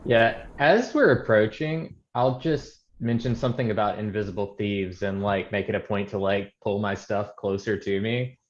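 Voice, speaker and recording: A man's voice: on the low side, moderate pace, few pauses, highs cut off. A man playing in a tabletop game, speaking hesitantly. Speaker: player. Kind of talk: casual tabletop play.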